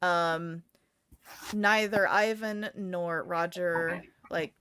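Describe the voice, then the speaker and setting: Bright-voiced woman game master. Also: lowish voice, steady tone, smooth. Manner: casual, halting with fillers. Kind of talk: narrating a tabletop game.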